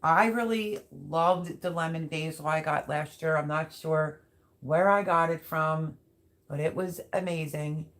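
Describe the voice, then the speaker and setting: A woman's voice: sits low, a little slow, fairly bright tone. Woman, live-stream host, casual and rambling, speaks directly to chat. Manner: chatty, rambling, talks straight to viewers. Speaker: livestream host reading chat.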